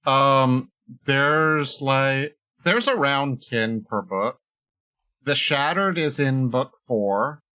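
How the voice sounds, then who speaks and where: A man's voice: mid-range voice, very slow, sharp tone, clean tone, rough recording. A man co-hosting a podcast in casual chat, hesitant, with many ums and short agreements. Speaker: podcast co-host. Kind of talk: casual chat about tabletop games.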